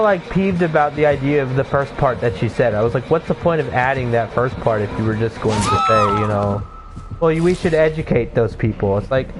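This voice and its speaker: A young man talks casually over a video game session, rambling through his thoughts with constant fillers and swearing. His voice sits at an ordinary pitch for a man. Clear music plays underneath. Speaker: gaming streamer. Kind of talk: casual chat while playing a game.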